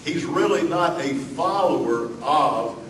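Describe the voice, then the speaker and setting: A man's voice: a little high, lively intonation, takes it slowly, fairly bright tone, roomy sound, far from the mic, slight background noise, low-quality recording. A man from Alabama with a Southern accent, preaching a sermon as pastor in a folksy way, with lots of fillers and asides.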